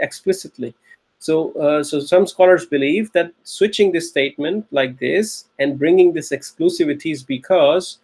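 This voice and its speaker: A man's voice: a little high, darkish tone. A man teaching a recorded Arabic grammar lecture, patiently repeating key phrases and often checking with "okay?".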